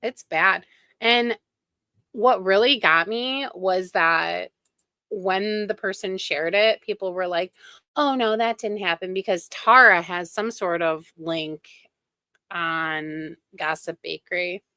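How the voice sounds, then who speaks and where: Gravelly-voiced snarky woman streamer. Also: lowish voice, steady tone, slow, pushed and bright, no echo. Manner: snarky, gossipy, mocking. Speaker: reaction streamer. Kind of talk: casual gossip commentary.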